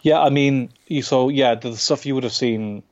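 An Irish man, a comic book writer, talking casually in an interview, full of restarts and fillers. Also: mid-range voice. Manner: halting, many restarts and fillers. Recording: dull lo-fi sound.

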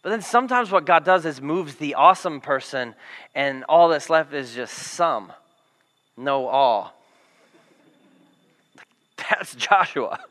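A man preaching a sermon to a congregation, telling the story in a lively, jokey way and acting out the quotes. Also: a little high, takes it slowly, pauses often, big-room sound. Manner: animated, jokey storytelling with acted quotes and yelled lines. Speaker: pastor.

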